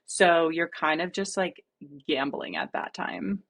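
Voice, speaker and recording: A young woman from New Jersey talks through advice as a podcast guest. Her voice sits slightly low, and she stays earnest and animated, laughing often. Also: a little slow, gravelly. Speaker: guest, running dietitian coach. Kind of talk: casual podcast conversation.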